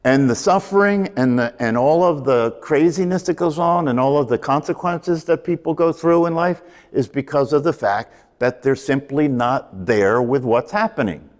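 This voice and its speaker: A man's voice: mid-range voice, normal speed, hardly any pauses. Man teaching meditation in a reverberant hall. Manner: repetitive, emphatic, asks rhetorical questions.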